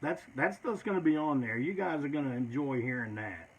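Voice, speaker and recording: A man's voice: mid-range voice, fairly quick, breathy edge, muffled recording. A man telling stories in a loose, rambling, profane way, often tacking "man" onto his sentences. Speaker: storyteller. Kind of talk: casual storytelling.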